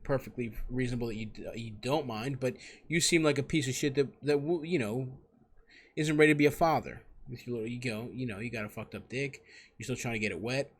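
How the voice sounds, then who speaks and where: A man's voice: mid-range voice, fast talker, husky. A young man hosting a comedy advice show, giving crude, profane and mocking answers to callers.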